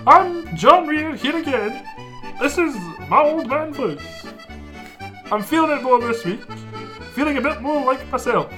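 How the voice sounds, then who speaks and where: A man's voice: extremely high pitch, expressive, a little slow, long pauses, over music, pitched above the performer's own voice. A man putting on an old man voice, playing a rambling reporter wandering a wasteland. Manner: rambling, chuckling.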